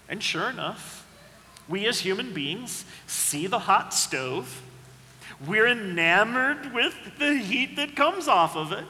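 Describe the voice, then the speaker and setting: A man preaching a sermon, dramatic, acting out quoted voices and swinging from loud to hushed. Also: sits high, animated, measured pace, long reverb tail. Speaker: pastor.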